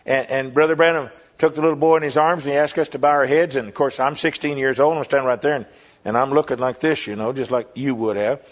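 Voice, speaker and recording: An older man, preaching and telling a personal testimony as a pastor, earnest and repetitive with pauses. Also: medium pitch, steady tone. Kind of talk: sermon testimony. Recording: lo-fi dull recording.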